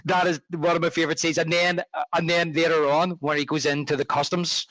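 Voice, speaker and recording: A man co-hosting a movie podcast, talking with eager enthusiasm and frequent restarts. His voice sits a bit high for a man. The sound is dry and close. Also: little pitch movement, fairly quick, a bit bright, dry recording, poor audio. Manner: enthusiastic, restarts often, acts out scenes. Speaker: podcast co-host. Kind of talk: casual film chat.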